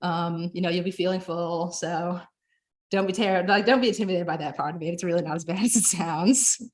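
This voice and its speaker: Young woman presenter, lowish voice, casual and chatty. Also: brisk, darkish tone. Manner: chatty, frequent filler words.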